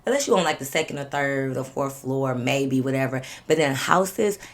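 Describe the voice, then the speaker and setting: A woman with a notably low, deep speaking voice spins a storytime for her channel. She talks casually and animatedly, swearing freely and slipping into other people's lines as she goes. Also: expressive, normal speed. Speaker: vlogger telling a storytime.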